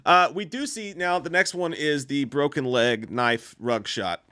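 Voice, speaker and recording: A man co-hosting a casual movie-trailer chat, animated and profane, laughing often. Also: a little high, a little slow, no room sound, clean studio sound. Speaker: co-host.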